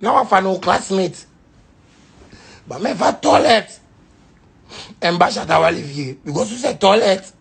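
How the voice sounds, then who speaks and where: A man's voice: high voice, lively intonation, moderate pace, vocal fry, long pauses, slightly rough. A man with a Ghanaian accent, ranting and mocking a critic in a video, mixing Pidgin with Twi phrases in sing-song jeers. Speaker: musician answering a critic. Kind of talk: ranting social media video.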